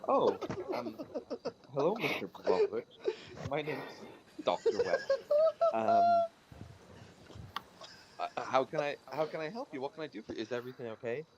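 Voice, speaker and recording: A man's voice: mid-range voice, huge pitch swings, normal speed, pauses often, very noisy, voice pushed up. A man voicing a flustered male foot doctor who stammers and hesitates.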